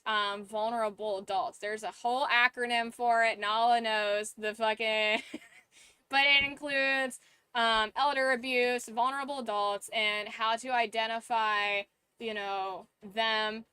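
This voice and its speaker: A young woman chats on her stream, telling a long story and laughing easily as she goes. Her voice is bright and sits a little high. The sound is close and dry, with no room around it. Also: no room sound. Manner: chatty storytelling, laughs often, swears casually. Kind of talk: casual chat on a game stream.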